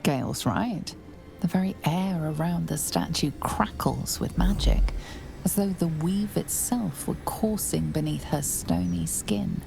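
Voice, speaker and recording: A woman narrating a video game in a hushed, measured, evocative way. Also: on the low side, gravelly, music in the background. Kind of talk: scripted narration.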